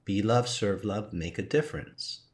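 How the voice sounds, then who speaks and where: A man with a low-pitched voice speaks in a heartfelt, halting way. He is choked up and stops now and then to steady himself while telling his own story to a group as their teacher and coach. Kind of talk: emotional personal sharing.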